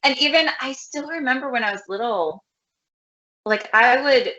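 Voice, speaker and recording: A woman's voice: high voice, moderate pace, pushed and bright, lo-fi sound. A woman co-hosting a podcast, rambling in casual chat with lots of filler words. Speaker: podcast co-host.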